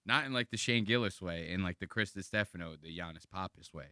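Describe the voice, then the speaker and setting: A man's voice: sits low, a little fast, bright, forceful tone, no room sound, studio quality. A man hosting a casual podcast, ranting in an exasperated, profane, mocking way while reacting to clips.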